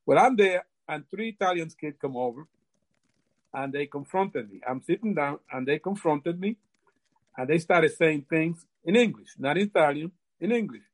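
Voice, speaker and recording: Older man, halting, repeats himself. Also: on the high side, animated. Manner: halting, repeats words often. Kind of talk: casual storytelling.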